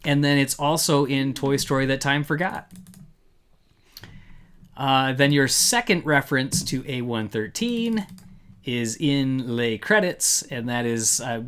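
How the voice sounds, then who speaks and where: A man's voice: medium pitch, fairly bright tone. Chatty male podcast host. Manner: rambling, filler-heavy, upbeat. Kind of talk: casual live review chat.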